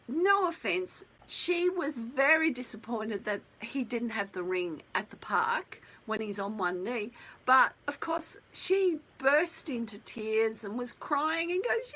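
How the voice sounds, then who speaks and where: A woman's voice: fairly high pitch, sharp tone, a little hiss or hum, low-quality recording. A middle-aged woman wedding planner telling wedding stories in a chatty, rambling way full of asides. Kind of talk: casual storytelling.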